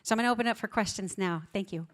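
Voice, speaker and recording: Female conference speaker with a mid-range voice. Emphatic, piles up words, goes soft for stories. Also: medium pitch, racing. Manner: emphatic, builds up lists of words; drops to a soft, quiet voice when telling a story. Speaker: pro-life educator giving a conference talk. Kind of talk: conference talk with Q&A. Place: large conference hall on stage.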